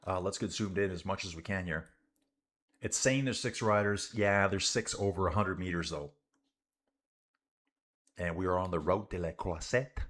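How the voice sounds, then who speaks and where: A man's voice: low voice, moderate pace, pauses often, a bit bright. A man giving casual live commentary on a bike race for a stream, reading viewer comments and calling out to his viewers as guys and dude. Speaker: livestream cycling commentator.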